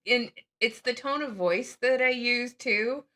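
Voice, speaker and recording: A woman's voice: a little high, measured pace. A woman host chatting casually and sarcastically while reacting to videos and telling stories. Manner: sarcastic, animated storyteller. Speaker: channel host. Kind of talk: casual commentary chat.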